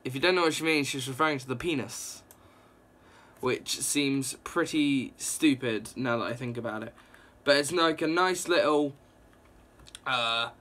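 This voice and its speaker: A young man casually reviewing a comic book, rambling and excitable, with lots of fillers and restarts. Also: medium pitch. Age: young adult.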